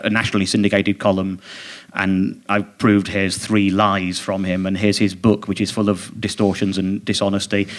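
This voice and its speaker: A man, a comedian guest, telling a rambling, indignant anecdote with quick mimicked quotes in casual talk on a theatre stage. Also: lowish voice. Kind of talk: casual anecdote in a live podcast interview.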